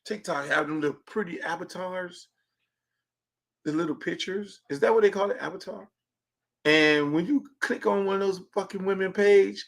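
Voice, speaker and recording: This podcast host, a middle-aged man with a Miami accent, runs a casual, profane, joking livestream in a creaky voice at moderate pace, his volume shifting from booming to hushed.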